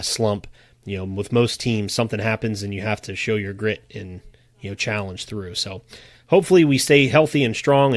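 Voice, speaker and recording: A man's voice: fairly low pitch, dry recording, studio quality. A man co-hosting a casual sports podcast, chatty and laughing often as he tells stories. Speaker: podcast co-host.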